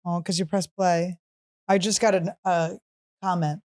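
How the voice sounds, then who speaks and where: A woman's voice: on the low side, measured pace. A woman stand-up comedian hosting a podcast, chatting casually and telling stories with lots of acted-out lines. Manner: animated storyteller who acts out other people's lines.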